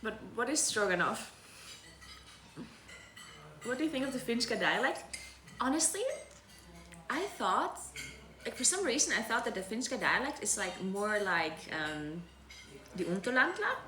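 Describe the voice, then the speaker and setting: A young woman chats with her viewers in a lively, sing-song voice that rises and falls a lot. Her tone is bright and a touch high, and she laughs often and says "like" all the time. The sound is roomy, with a clear echo around her. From South Tyrol. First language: German (South Tyrolean dialect). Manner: chatty, laughs often, many "like" fillers. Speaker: streamer. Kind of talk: casual chat with stream viewers.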